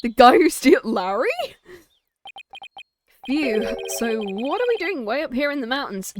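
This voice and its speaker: A woman's voice: high voice, very animated, a little slow, background noise. A woman streamer giving chatty, jokey let's-play commentary as she plays a game and voices its characters. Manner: chatty, jokey and self-mocking.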